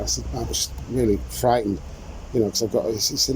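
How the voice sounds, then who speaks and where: A man's voice: medium pitch, steady tone, a little fast, darkish tone, a little hiss or hum, rough recording. Older man spinning rambling anecdotes. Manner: rambling anecdotal storyteller, laughs often. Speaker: podcast host. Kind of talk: casual chat. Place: outdoors in the sunshine.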